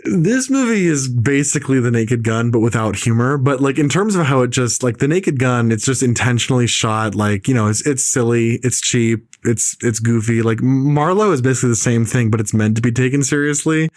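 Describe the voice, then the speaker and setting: A man co-hosting a casual podcast, tearing into a movie with blunt, repeated verdicts. His voice sits at an ordinary middle pitch and is recorded dry, with no room sound. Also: a little fast, hardly any pauses, dry recording. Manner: emphatic, repetitive ranting. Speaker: podcast co-host.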